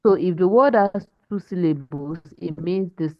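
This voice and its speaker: A woman's voice: lowish voice, moderate pace, no echo, muffled recording. A woman teaching a language class online, patiently explaining and modeling pronunciation for her students.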